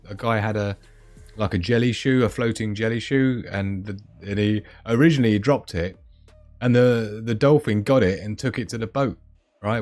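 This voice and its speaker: A man with a lowish voice talks in a loose, rambling way, wandering between thoughts as he hosts a live stream. The sound is dry and close, with faint music playing somewhere behind him. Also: darkish tone, dry recording. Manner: rambling, chatty, loses his thread. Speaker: livestream host. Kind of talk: casual live-stream chat.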